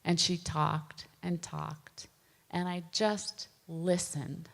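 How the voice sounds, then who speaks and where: A middle-aged woman giving a personal testimony, speaking slowly, gently and earnestly with soft pauses. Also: fairly low pitch, flat delivery, gravelly. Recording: long hall reverb.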